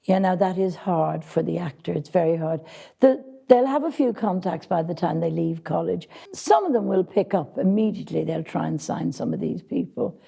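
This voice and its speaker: Gravelly, dark-voiced woman casting director. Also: fairly low pitch, moderate pace. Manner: direct, practical, frank. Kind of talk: interview answers giving advice to actors.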